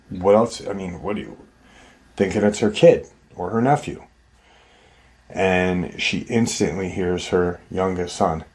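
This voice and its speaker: Male host, low voice, slow and unhurried, casual rambling storyteller. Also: steady tone, darkish tone. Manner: conversational, rambling, "you know" fillers.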